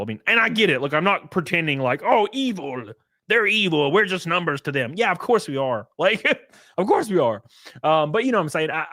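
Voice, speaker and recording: A man's voice: fairly high pitch, fairly bright tone, no echo, studio quality. A young man casually chatting on a livestream, reading chat aloud with crude, rambling jokes.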